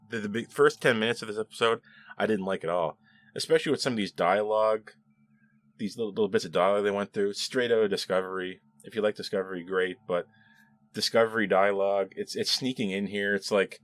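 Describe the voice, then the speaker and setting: A man giving a casual solo review of a TV episode, chatty and sarcastic, now and then quoting dialogue in mocking voices. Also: on the low side.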